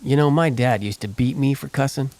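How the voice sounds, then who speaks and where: A man's voice: mid-range voice, a little fast, a little mellow, voice pushed up, close to an everyday voice. A man voicing Tony, a rowdy young outlaw cowboy with a telling a boastful tall tale in an audiobook. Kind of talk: audiobook character voice.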